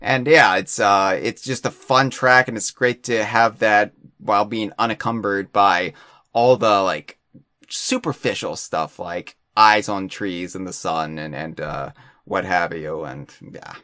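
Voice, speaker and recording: A man's voice: lowish voice, unhurried, pushed and bright, no room sound, studio quality. A man hosting a podcast in casual chat, rambling and self-deprecating, often stumbling over his words. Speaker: podcast host.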